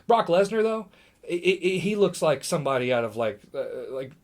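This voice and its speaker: A man from Indiana chats as a podcast guest, telling a story with plenty of energy. His voice sits a little high for a man, and he stumbles through fillers and restarts as he goes. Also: a little fast. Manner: animated, acts out quotes, many fillers and restarts. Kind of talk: casual storytelling chat.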